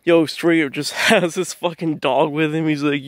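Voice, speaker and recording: A man's voice: a little high, steady tone, normal speed, dry recording, studio quality. A young man telling a rambling story in a casual vlog, swearing freely and laughing often as he walks his dog in the woods. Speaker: vlogger. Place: outdoors in woods, walking dog.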